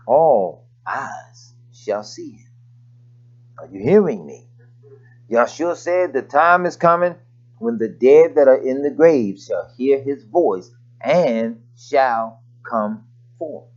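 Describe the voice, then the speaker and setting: A man's voice: medium pitch, dull audio. A man preaching a sermon in a conversational way, with folksy asides and scripture readings.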